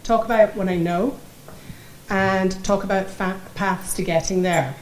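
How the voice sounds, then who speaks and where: A woman's voice: medium pitch, steady tone, unhurried. Scottish woman giving a keynote in a hall. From Scotland. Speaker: keynote speaker. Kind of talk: keynote speech. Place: banquet hall. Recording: echoey hall, faint noise.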